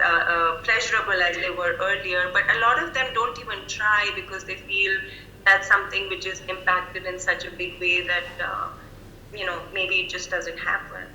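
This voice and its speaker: A woman clinical psychologist speaking over a video call, thoughtful and measured, with frequent fillers. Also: fairly low pitch, sharp tone, roomy sound, a little hiss or hum, poor audio. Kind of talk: professional video-call interview.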